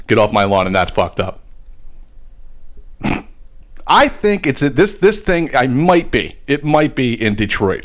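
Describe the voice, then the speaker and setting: Profane man ranting animatedly. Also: fairly low pitch. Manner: profane, animated storytelling with mock voices. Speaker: podcast host. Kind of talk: casual ranting monologue.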